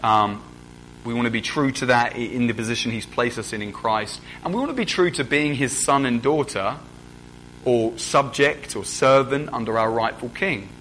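Young man, mid pitch, preaching casually, faint rumble behind. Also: normal speed, fairly bright tone, poor audio. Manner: conversational, asks the congregation questions. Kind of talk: sermon.

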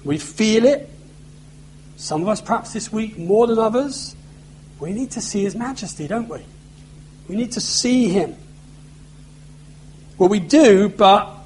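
A preacher delivers a sermon in a relaxed, conversational manner with bits of self-deprecating humor. His voice sits a little high for a man. A faint hum runs under the recording. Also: low-quality recording.

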